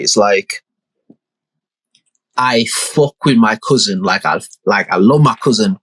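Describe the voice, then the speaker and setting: Young man, podcast co-host, reflective slangy chat, mid pitch, husky and dry. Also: no echo, rough recording. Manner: reflective, slang-heavy, searching for words. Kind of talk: casual chat.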